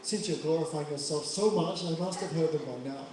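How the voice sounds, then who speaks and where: A mocking young warrior prince trades sarcastic jabs, as a male storyteller acts him out. The voice is fairly high and rings around a very echoey hall, caught from far off. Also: brisk, a crowd in the background, natural voice.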